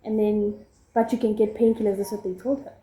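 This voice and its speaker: A woman's voice: mid-range voice, little pitch movement, brisk, warm tone. A young woman with a South African accent tells a personal story in a chatty, rambling way while doing her makeup, with lots of fillers. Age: young adult. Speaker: vlogger. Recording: echoey room.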